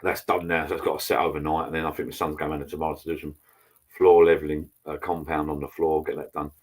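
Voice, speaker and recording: Rambling middle-aged man, very deep. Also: little pitch movement, quick pace. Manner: rambling, chatty, greets viewers by name. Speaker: channel host. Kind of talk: casual live-stream chat. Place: home garden bar. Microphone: laptop.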